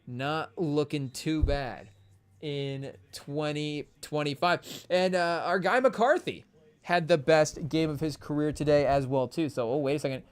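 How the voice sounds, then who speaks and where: A man's voice: medium pitch, clean tone. A young man hosting a live sports podcast in a casual, rambling way, often restarting his sentences and joking with his chat. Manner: rambling, self-interrupting, jokey. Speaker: podcast host.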